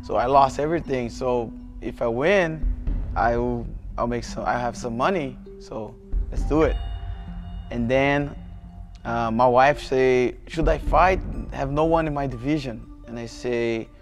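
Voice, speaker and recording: Mężczyzna z brazylijskim akcentem opowiada historię, z przerwami. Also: male voice, mid-range voice, faint music behind. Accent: Brazilian Portuguese. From Brazil. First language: Portuguese. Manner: halting, many fillers and restarts. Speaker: jiu-jitsu athlete. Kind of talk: personal storytelling interview.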